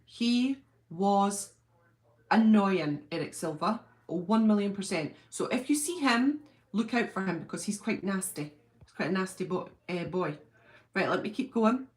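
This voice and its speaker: British lady on a home livestream, chatty and gushy, reading comments and getting all excited. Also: medium pitch, measured pace. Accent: British English. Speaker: live stream host. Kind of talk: casual live chat reading viewer comments.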